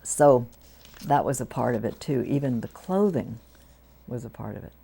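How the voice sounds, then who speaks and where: An Episcopal priest, an older woman with a low, gravelly, dark and mellow voice, is interviewed at a community TV studio and shares stories from her life at normal speed. She tells them warmly, dropping into lively voices whenever she quotes people she met.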